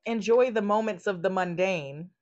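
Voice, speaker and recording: A woman's voice: medium pitch, moderate pace, darkish tone. A woman in casual spiritual chat, talking with emphasis, swearing casually and acting out inner voices. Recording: dull lo-fi sound.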